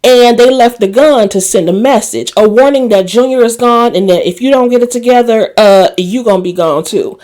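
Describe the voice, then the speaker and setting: Woman recap host, slightly high voice, conversational gossip delivery, acts out quotes. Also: normal speed, hardly any pauses, darkish tone. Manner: chatty storytelling with asides to viewers; laughs and acts out quoted lines. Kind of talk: casual episode recap.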